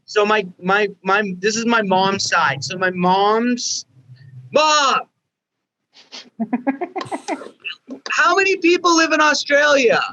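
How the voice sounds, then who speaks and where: A man's voice: high voice, slow, pauses often, bright, forceful tone, dull audio, slight background noise. A man from Canada, a podcast guest in casual chat, telling profane stories and acting out what people said. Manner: profane storyteller who acts out quoted people.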